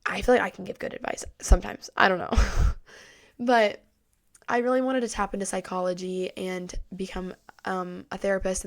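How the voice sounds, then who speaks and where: Teen girl rambling on her podcast, tons of likes and ums, super casual. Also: mid-range voice. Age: teens. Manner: rambling, heavy use of "like" and "um". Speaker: podcast host. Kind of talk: casual solo podcast chat.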